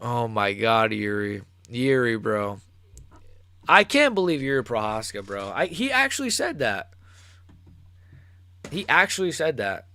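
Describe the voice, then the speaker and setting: A young man hosting a live fight reaction stream, ranting excitably and swearing, recorded close to the mic. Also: medium pitch, unhurried, pauses often, no room sound. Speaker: MMA channel host.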